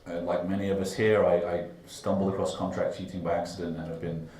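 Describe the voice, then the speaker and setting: A man with a very deep voice introduces himself on a conference panel, measured and thoughtful. His voice carries the roomy echo of a large conference room. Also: level tone, darkish tone, far from the mic.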